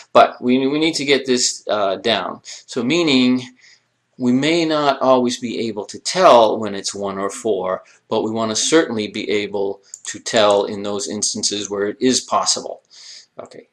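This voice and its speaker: Low-voiced man teaching a lesson. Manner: patient, explains step by step with rhetorical questions. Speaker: Arabic teacher. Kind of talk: recorded lecture.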